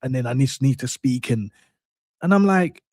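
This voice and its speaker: A man's voice: medium pitch, expressive, moderate pace, a little mellow, dry recording. A man with a mid-range voice, talking in a loose, rambling way as he co-hosts a football chat, often restarting his sentences. The recording is close and dry. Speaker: co-host of a football channel. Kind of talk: casual chat.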